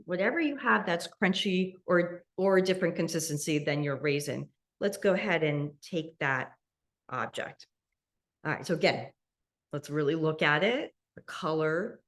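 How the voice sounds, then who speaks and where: A woman teaching a slow, guided mindful eating meditation over a video call, speaking gently with occasional soft laughs. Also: deep voice, expressive. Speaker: meditation instructor.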